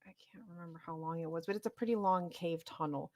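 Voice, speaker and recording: A woman's voice: fairly low pitch, fast talker, darkish tone. A woman narrating as dungeon master in a casual, laughing way, with loose restarts. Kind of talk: narrating a tabletop game.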